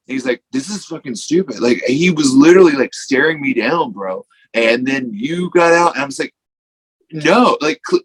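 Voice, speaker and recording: Speaking with a fairly high pitch over poor audio, a man who wrestles rambles through a casual story as a podcast guest. He leans heavily on "like" and acts out quotes as he goes.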